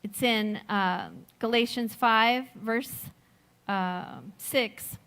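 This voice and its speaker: A middle-aged woman giving a sermon, slow and reflective, telling a personal story with gentle laughs. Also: fairly high pitch, clear, resonant tone. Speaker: speaker at a Sunday service.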